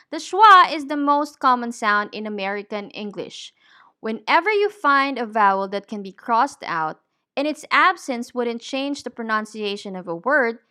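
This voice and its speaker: A woman teaching English pronunciation, saying each word deliberately and clearly. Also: on the high side, sharp tone. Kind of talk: slow, careful pronunciation lesson.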